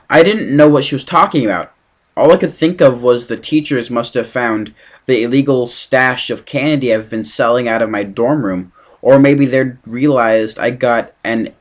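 A man reading a novel aloud as an amateur, halting now and then with slips and restarts. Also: mid-range voice. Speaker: reader.

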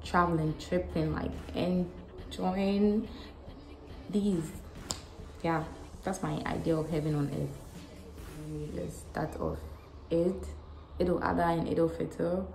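A young woman from Ghana, answering questions in a casual vlog with a frank, animated, self-mocking manner. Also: lowish voice, slow, pauses often, slight background noise. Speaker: vlogger. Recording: echoey room with faint music.

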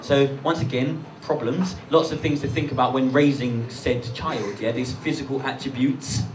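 This young London comedian has a mid-range voice with fairly even intonation as he fires off cheeky, brash asides into a handheld mic. The echoey club recording catches him from afar over a noisy, loudly laughing crowd.

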